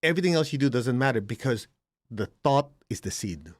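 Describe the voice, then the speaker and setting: A man's voice: medium pitch, expressive, a little fast, no echo, clean studio sound. A middle-aged man giving an informal spiritual lesson, talking directly and acting out complaining students. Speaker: spiritual teacher.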